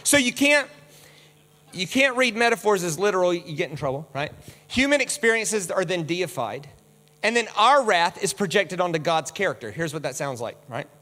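A man preaching a sermon with slides, animated, who acts out the voices he quotes with big swings. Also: high voice, normal speed. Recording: long hall reverb.

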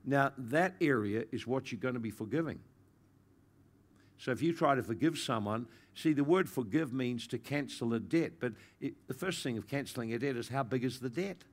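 A man teaching a sermon in an earnest, pastoral manner, at times building in intensity and then dropping soft and low. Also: lively intonation, moderate pace.

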